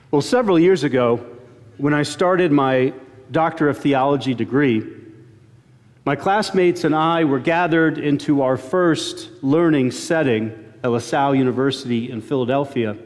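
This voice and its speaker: A man's voice: mid-range voice, measured pace. A male pastor preaching a sermon, moving from an earnest prayer into plain storytelling. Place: church sanctuary. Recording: long church reverb.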